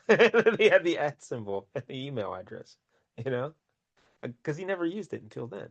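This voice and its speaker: A man's voice: a little high, very animated, moderate pace. A man co-hosting a casual comic book review podcast, making joking asides with frequent laughs. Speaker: podcast co-host. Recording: dull, lo-fi sound.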